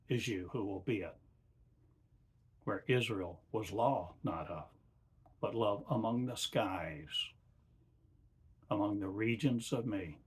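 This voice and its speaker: Very slow, breathy man channeling. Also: fairly low pitch. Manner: slow, halting short phrases, often trailing off softly. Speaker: spiritual teacher. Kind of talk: channeled spiritual address.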